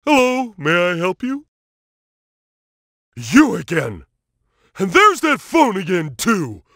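An actor playing a dim, cheerful cartoon starfish who plays at being a superhero, with a goofy, childlike and emphatic way of talking. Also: male voice, high-pitched, huge pitch swings, takes it slowly, fairly bright tone, dry recording, studio quality, full character voice. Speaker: video game character. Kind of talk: cartoon game voice clips.

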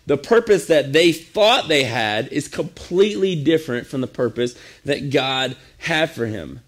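A man as youth pastor giving a sermon in a casual, conversational way with frequent restarts. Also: a little high.

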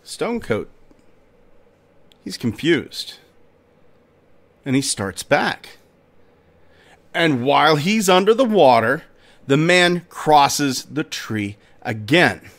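A male podcast host narrates a folk tale with dramatic, expressive storytelling. His pitch moves in lively swoops while he keeps an unhurried, deliberate pace.

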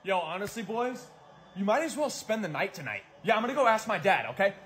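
A man's voice: high-pitched, sing-song, fairly quick, a bit bright, roomy sound. A young man acting out comedy sketches in brash, slangy bro talk.

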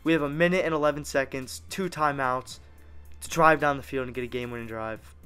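A young man giving live commentary over his football video game, narrating each play as it happens and reacting with excitement. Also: medium pitch, fairly quick, clear, resonant tone, faint music behind. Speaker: gaming YouTuber.

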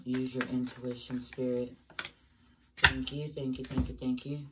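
A woman's voice: a bass voice, little pitch movement, measured pace, far from the mic, heavy background noise. A woman giving a casual tarot reading, talking emphatically to her viewers and cursing often. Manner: emphatic, swears often, talks straight to viewers. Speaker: tarot reader.

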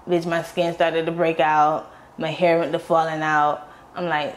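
A young woman speaks with a slightly low voice, blunt and full of swearing as she recounts her past. She acts out the people in her story as she goes. A faint hum of ambient noise sits under the recording. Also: level tone, a little slow. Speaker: interview guest. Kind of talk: candid storytelling.

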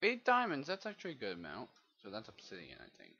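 A man's voice: fairly low pitch, wildly swooping pitch, fast, bright, forceful tone, husky. A man rambling and swearing through casual commentary while he plays a video game, muttering to himself, over a dull lo-fi mic. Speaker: gamer doing a let's play.

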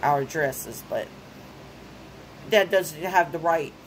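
A woman's voice: deep voice, slow, slight background noise, low-quality recording. Worked-up young woman ranting. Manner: ranting, repeats phrases, gets worked up. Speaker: vlogger. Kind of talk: casual venting monologue.

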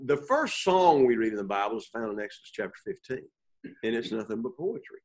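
A man teaching a Bible class to students, pausing often, repeating words and checking in with "okay?". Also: medium pitch, sing-song, a little mellow. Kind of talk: classroom lecture with questions to students.

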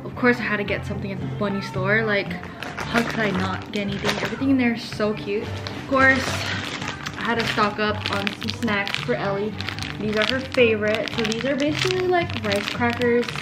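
A woman's voice: medium pitch, fairly quick, loud music behind the voice. A young woman vlogging in casual chat, telling stories and acting out what people said. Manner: chatty, says "like" a lot, retells stories with quoted voices.

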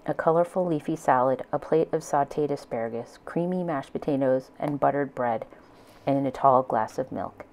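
A woman reading a children's novel aloud in a gentle, plain storytelling manner. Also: extremely low pitch, moderate pace, rough recording. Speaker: audiobook reader.

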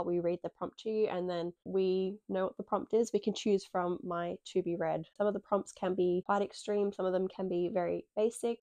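Australian woman vlogger, nasal from a cold, warm tone, excitable and casual. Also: medium pitch, dry recording. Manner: chatty, excitable, swears casually. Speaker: book vlogger. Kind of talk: casual chat to camera. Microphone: dedicated microphone close up.

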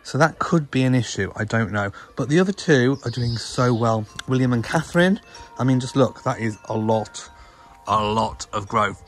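A man casually vlogging to camera, chatty and gentle, talking about his garden and his shopping. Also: mid-range voice, animated, moderate pace, soft background music. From Britain. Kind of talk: casual vlog chat. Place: home garden and greenhouse.

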